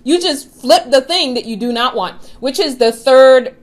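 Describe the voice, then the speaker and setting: A middle-aged woman with a fairly high voice gives an earnest motivational talk to her viewers. She is emphatic and drawls out the words she wants to stress. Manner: earnest, emphatic, slows down on key phrases. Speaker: law of attraction coach and show host.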